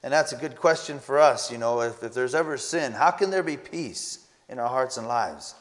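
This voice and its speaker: A man preaching a morning sermon, reading old-fashioned scripture and retelling it in an earnest, halting way with many restarts. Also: medium pitch, expressive. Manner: earnest, halting delivery with frequent restarts and repeated words.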